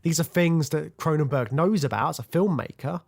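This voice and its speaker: A man's voice: a little high, normal speed, creaky, a little mellow. A man co-hosting a film podcast, talking casually and rambling with lots of fillers. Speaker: podcast co-host.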